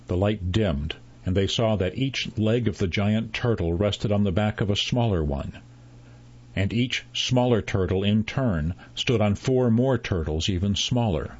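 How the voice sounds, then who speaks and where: Slow husky male storyteller. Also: lowish voice, muffled recording. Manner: measured, unhurried storytelling with voiced dialogue. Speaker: narrator. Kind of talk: scripted story narration.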